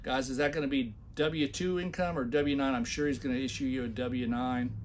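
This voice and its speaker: A man's voice: medium pitch, fairly even intonation, brisk, slight background noise. A man talking in a casual commentary video, sarcastic and blunt, often restarting his words. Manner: sarcastic, reads a job post aloud in loud mocking emphasis. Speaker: commentary vlogger.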